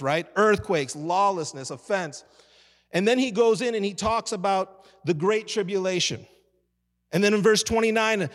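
A male pastor with a high, bright-toned voice delivers a sermon, drawing on call-and-response with his congregation. His words ring out with a long reverb tail, as in a big church hall.

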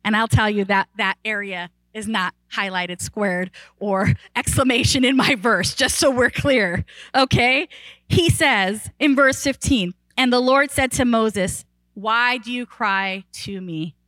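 Speaking a bit slowly, a woman pastor preaches with animated, conversational energy, saying "like" often and restarting sentences. Her voice grows higher and louder in excited moments, captured in a dry, rough recording.

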